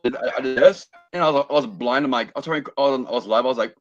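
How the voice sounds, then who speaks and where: A man's voice: medium pitch, racing, dry recording, muffled recording, soft background music. A man telling a rambling story as a guest on a podcast, full of fillers and restarts. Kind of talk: casual chat on a call.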